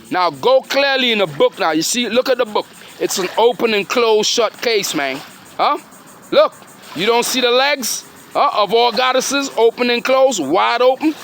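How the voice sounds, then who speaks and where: A man's voice: high-pitched, a bit bright, a little hiss or hum. A man delivering a rambling, grandiose monologue, preachy and full of rhetorical questions. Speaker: self-styled spiritual speaker.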